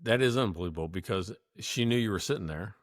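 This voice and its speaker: A man's voice: fairly low pitch, fast, dry recording, studio quality. A man co-hosting a podcast, chatting casually with chuckling asides. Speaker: podcast co-host. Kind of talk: casual chat.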